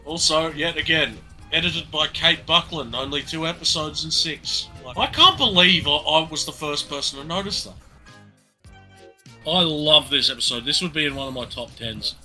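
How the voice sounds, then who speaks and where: A man's voice: fairly high pitch, expressive, moderate pace, pushed and bright, faint music behind. A man hosting a casual commentary chat, enthusiastic and opinionated, often laughing.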